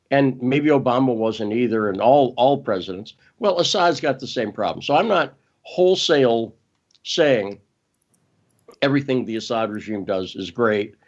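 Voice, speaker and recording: A man's voice: mid-range voice, animated, moderate pace, highs cut off. A man as an interview guest, talking casually and emphatically, often restarting and correcting himself.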